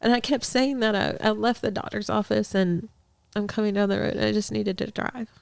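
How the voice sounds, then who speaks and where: A young adult woman sharing a heartfelt faith testimony as a guest in a conversation, earnest, with soft laughs and restarts. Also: medium pitch, steady tone, normal speed, creaky, clear, resonant tone, dry recording. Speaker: podcast guest, ministry director.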